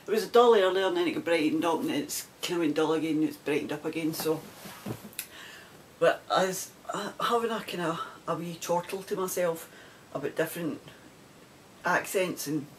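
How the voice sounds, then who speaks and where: A woman's voice: lowish voice, slight background noise, low-quality recording. Chatty Scottish woman rambling to camera. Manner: chatty, rambling, laughs often. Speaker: knitting podcaster. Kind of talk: casual chat to camera.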